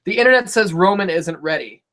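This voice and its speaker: A man co-hosting a casual wrestling talk show, animated, laughing often and acting out loud mock quotes. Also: high voice, brisk. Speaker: wrestling podcast co-host. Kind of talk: casual chat.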